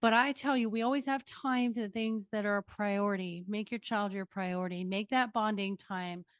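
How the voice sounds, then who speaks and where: A woman's voice: medium pitch, steady tone, normal speed, smooth, dry recording, studio quality. An older woman hosting a podcast interview, giving earnest, emphatic parenting advice. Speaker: podcast host. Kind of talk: casual interview chat.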